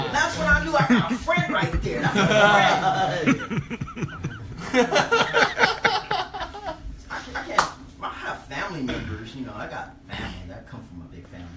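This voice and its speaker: A man performing a stand-up comedy set, telling animated stories, acting out other people's lines and often laughing at his own punchlines. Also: mid-range voice. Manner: animated storytelling, acting out quotes, frequent laughter. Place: comedy venue stage. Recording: echoey live room, mic heard from a distance, loud background noise. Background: audience laughter.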